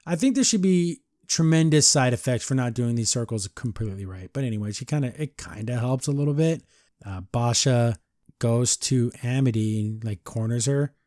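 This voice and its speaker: A man's voice: mid-range voice, normal speed, a little mellow, no echo, studio quality. Rambling man recapping a cartoon episode. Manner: rambling, heavy use of "like", acts out quotes. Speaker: podcast reviewer.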